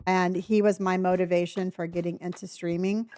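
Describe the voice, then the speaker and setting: A woman's voice: fairly low pitch, little pitch movement, normal speed, mellow. An older woman streaming a building game, chatting with her viewers and thinking aloud as she works. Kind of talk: casual live-stream chat while building.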